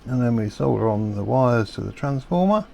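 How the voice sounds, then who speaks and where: A middle-aged man explaining a radio repair step by step in a relaxed, chatty way. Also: medium pitch, normal speed, gravelly, a little hiss or hum. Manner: relaxed, chatty, self-deprecating asides.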